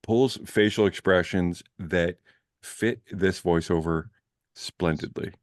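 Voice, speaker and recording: A man's voice: deep voice, takes it slowly, dry recording, clean studio sound. A man from Canada, a guest on a casual movie review chat, talking in playful, enthusiastic bursts.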